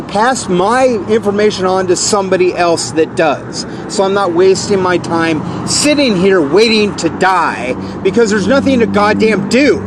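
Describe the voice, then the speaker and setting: A man in his forties ranting angrily to camera, repeating accusations and working himself up into shouted outbursts. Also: high voice, noisy background. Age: 40s. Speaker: vlogger. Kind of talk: angry rant to camera.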